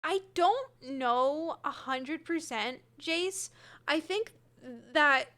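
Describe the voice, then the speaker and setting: A young woman with a high, sharp-toned voice speaks extremely slowly while streaming a game from her room with her cat. Her talk is casual gameplay chat, reading chat, hedging her answers and calling viewers by name.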